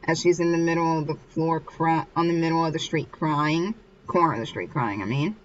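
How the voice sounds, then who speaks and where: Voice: mid-range voice, fairly quick. A vlogger casually retelling a comic chapter, rambling loosely with lots of filler and restarts. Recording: muffled with faint hiss.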